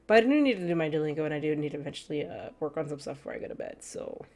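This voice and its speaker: Low-voiced woman streamer chatting with chat. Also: lively intonation, rapid-fire, creaky, a little mellow. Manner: rambling, laughing often, talks to chat. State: stuffy from allergies. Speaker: gaming streamer.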